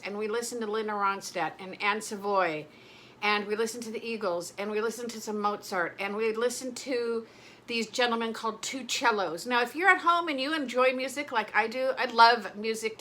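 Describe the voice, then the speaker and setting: Slight background noise sits behind a middle-aged woman's fairly high, bright, forceful voice. She is vlogging in a casual, chatty way, and her talk is rambling and emotional, often interrupting itself mid-sentence.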